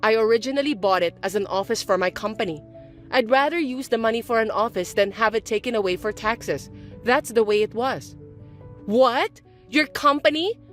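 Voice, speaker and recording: Calm matter-of-fact woman narrator. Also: on the high side, a little fast, soft background music. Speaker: story narrator and main character. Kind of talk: texting-story dialogue reading.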